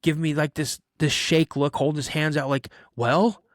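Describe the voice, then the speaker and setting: A man telling a personal story on a podcast in casual chat, animated and acting out the voices in it, with plenty of "you know" fillers. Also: fairly high pitch, brisk, no room sound, studio quality. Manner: animated, acts out voices in his stories. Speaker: podcast guest.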